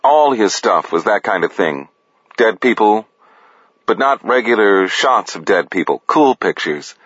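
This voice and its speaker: A man narrating a gritty story in a flat, deadpan manner. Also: lowish voice, measured pace, breathy edge, no echo. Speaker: audiobook narrator. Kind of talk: gritty first-person and third-person narration. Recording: dull lo-fi dry recording.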